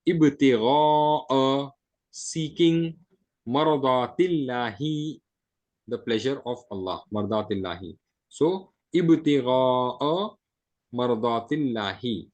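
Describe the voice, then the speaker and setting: Explaining Arabic grammar methodically to a class, this male teacher keeps asking "right?" and speeds through Arabic phrases between unhurried English explanations. His medium-pitched voice has a darkish tone.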